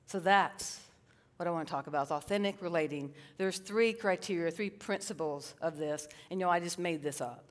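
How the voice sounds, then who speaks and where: A middle-aged woman from South Carolina, a psychotherapist giving a lively, self-mocking storytelling talk and calling the crowd y'all. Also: on the low side, fairly quick. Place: large hall with a stage. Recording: long reverb of a large hall.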